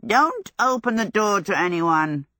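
A woman's voice: medium pitch, very animated, unhurried, bright, forceful tone, no echo, clean studio sound, pitched above the performer's own voice. A woman voicing a hissing fire demon. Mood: warning.

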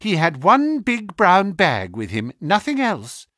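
A worried middle-aged landlady, read by a man, deferential and plain-spoken. Her pitch is fairly high and lively, and the sound is dry and close to the mic. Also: slow, dry recording, exaggerated voice. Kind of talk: audiobook character reading.

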